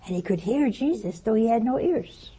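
A woman giving a spiritual talk, telling a story in a lively way and acting out the voices she quotes. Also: fairly high pitch, normal speed, breathy edge, rough recording. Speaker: religious teacher.

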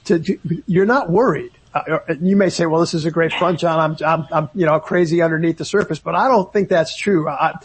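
A man podcast host speaking to listeners and the guest in a halting way, often repeating words. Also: a little high, husky. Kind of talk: casual interview talk.

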